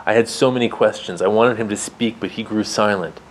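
A man who grew up in Canada and the United States, reading aloud from his memoir in a measured, quiet way. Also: fairly low pitch, fairly even intonation, a little hiss or hum, poor audio. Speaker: author.

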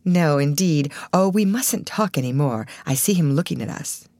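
A woman voicing a pretty young actress chatting quietly with her sister. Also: low voice, expressive, moderate pace, no room sound, studio quality. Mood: chatty.

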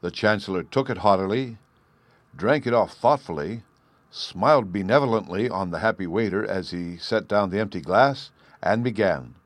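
Low-voiced man narrating a classic novel. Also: animated, no echo. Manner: measured, storytelling. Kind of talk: audiobook reading of a classic novel.

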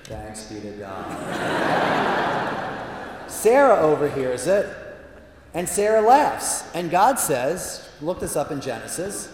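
A man who is a priest, telling self-mocking stories in a chatty way with lively asides during a talk to an audience. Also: on the high side, slow pace, long pauses, a crowd in the background. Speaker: Jesuit priest giving a talk. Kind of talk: humorous storytelling talk. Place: large hall with a live audience. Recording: echoey hall from a distance.

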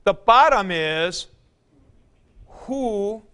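A man teaching a Greek grammar class in a classroom, explaining slowly and calling on students by name. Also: high-pitched, expressive, fairly bright tone, smooth. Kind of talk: classroom lecture.

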